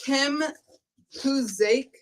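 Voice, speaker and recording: A woman's voice: high voice, extremely slow, rough recording. A woman helping at a live prize drawing, reading out names and sometimes tripping over place names. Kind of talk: casual live-stream chat.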